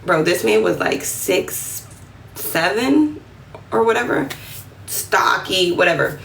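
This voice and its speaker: A woman's voice: medium pitch, slow pace, vocal fry. Twenties woman, New York accent, telling a casual story on a livestream. Set a bit back from the phone, with faint room noise. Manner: animated, slangy, acts out quotes in a raised voice. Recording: roomy, slightly distant phone audio with faint room noise.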